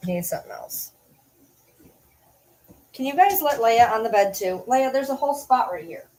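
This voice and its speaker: A woman's voice: a little high, animated, normal speed, darkish tone. A woman chatting casually on a livestream from home, talking playful baby talk to the dogs on her lap and laughing often.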